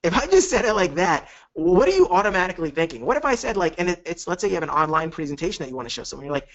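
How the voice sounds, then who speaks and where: A man's voice: sits high, big pitch swings, racing, hardly any pauses, highs cut off. A man coaching on a live webinar, talking with energy and acting out quoted phone calls. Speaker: network marketing coach.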